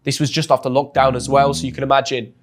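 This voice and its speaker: A young man from England with an English accent, telling a story as a guest in an interview with lively, chatty energy and frequent restarts. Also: medium pitch, fast. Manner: chatty and animated, often restarts words. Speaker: guest, football influencer.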